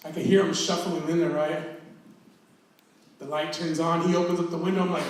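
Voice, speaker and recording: A man's voice: a little high, level tone, fairly quick, long pauses. A man in his thirties performing a self-mocking stand-up comedy set, telling stories and acting out quotes. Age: 30s. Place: live comedy show in an echoey hall. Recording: roomy live hall recording from far off, audience laughter. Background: audience laughing.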